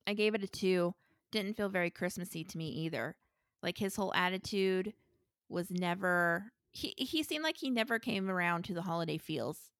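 A woman's voice: lowish voice, expressive, normal speed, fairly bright tone, no echo. Frank woman podcaster, dry sound. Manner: frank, laughs between remarks. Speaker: podcast co-host. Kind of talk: casual movie review chat.

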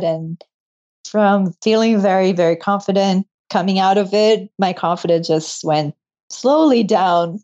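A woman's voice: mid-range voice, a little slow, mellow. Young woman guest, laughs a lot, heartfelt storytelling, slightly muffled lo-fi recording. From moved to Canada. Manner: laughs often, emotional storyteller. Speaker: guest, medical student. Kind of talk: casual interview chat. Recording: muffled lo-fi audio.

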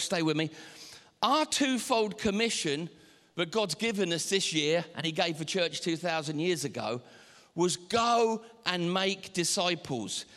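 Animated male pastor, high voice, sermon in a reverberant church hall. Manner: animated, acts out voices and shouts. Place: church auditorium.

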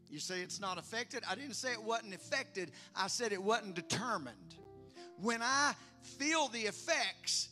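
A male pastor preaching a sermon, swinging between loud emphatic lines and hushed ones, with conversational asides to the congregation. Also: high voice, expressive, measured pace, soft background music.

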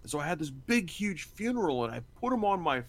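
A man's voice: a little high, sing-song, brisk. A man telling a story in casual chat, laughing often, swearing freely and acting out the lines.

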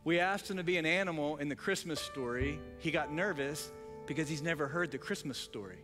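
A male pastor telling a story in a sermon, excited, with many restarts. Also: fairly high pitch, brisk, long reverb tail, over music.

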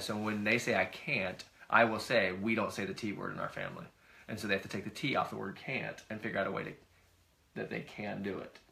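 Man, middle-aged, gravelly, bright tone, casual rambling co-host talk. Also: on the low side. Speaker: podcast co-host. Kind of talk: casual conversation.

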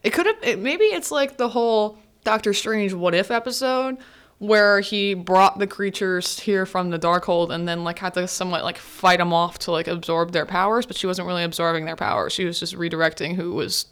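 A woman hosting a podcast, chatting casually through a movie recap, full of "like" fillers and quick asides. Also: fairly bright tone. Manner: acts out characters' lines with pitch swings. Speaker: podcast host.

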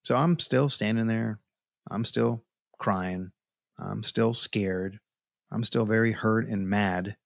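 A man's voice: fairly low pitch, slow, creaky, a bit bright, no echo, studio quality. A middle-aged man telling a personal story in an earnest, emotional way, often repeating words as he goes. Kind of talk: personal testimony.

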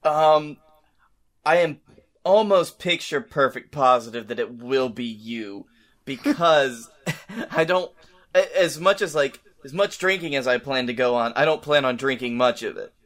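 Young male podcast co-host, mid-pitched and bright; a relaxed jokester who plays along. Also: a little slow. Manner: joking, plays along with bits. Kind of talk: casual comedic chat.

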